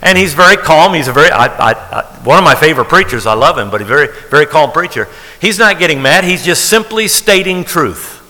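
A man's voice: on the high side, lively intonation, fairly quick, bright, forceful tone, long reverb tail, rough recording. A man preaching a sermon as pastor, talking in a conversational way and repeating key phrases for emphasis.

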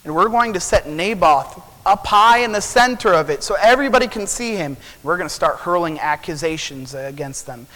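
A man voicing a scheming wicked queen in a high, shouting voice that mocks her, heard in a sermon. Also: lively intonation, normal speed, hardly any pauses, in a large hall, low-quality recording.

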